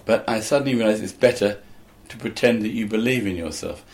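An older man with a low voice tells stage stories in a dry, anecdotal way. He slips in quoted lines as he goes, always measured and conversational. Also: a little mellow. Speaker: comedian guest. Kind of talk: casual conversation, storytelling.

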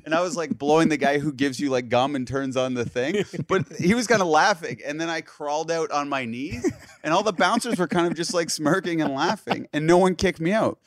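A man's voice: fairly high pitch, a little fast, no echo, studio quality. A man from Canada co-hosting a podcast, telling loose anecdotes in casual chat with many fillers. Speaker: podcast co-host.

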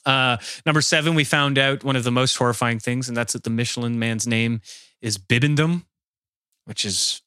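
A man's voice: mid-range voice, normal speed, clear, resonant tone, no echo, studio quality. A man doing a joking countdown in playful comedic banter. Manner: lively, joking countdown delivery.

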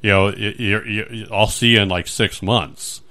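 A man hosting a podcast, chatting casually in a rambling, animated way with many restarts. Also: lowish voice, normal speed. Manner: rambling, animated, acts out little scenes. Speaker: podcast host. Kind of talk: casual chat.

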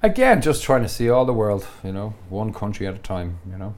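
A man, a podcast guest telling travel stories in a casual, animated way and laughing often. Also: lowish voice, a little fast. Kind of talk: casual storytelling.

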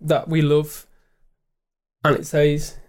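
A man's voice: fairly high pitch, completely flat delivery, slow, darkish tone. A young man, co-host of a podcast, chatting casually in a matey way, often repeating words as he starts a sentence. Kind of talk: casual chat.

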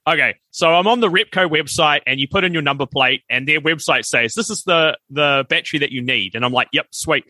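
A man's voice: on the high side, a little fast, few pauses, sharp tone, no room sound. A man with a New Zealand accent co-hosting a casual podcast chat, telling stories and putting on other people's voices as he goes. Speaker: podcast co-host.

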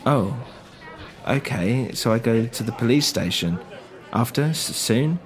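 A man's voice: medium pitch, animated, a faint crowd, lightly acted. A man voicing a worried young German woman with a German accent, speaking hesitantly in a storybook reading. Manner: hesitant, halting.

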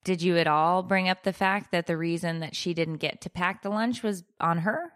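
A woman in her thirties, a podcast co-host, telling stories in casual chat, animated and playful. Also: on the low side, moderate pace.

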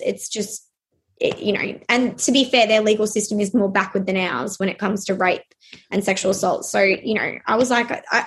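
A young adult woman telling a personal story in an interview, hesitant and halting with many fillers. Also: medium pitch, steady tone.

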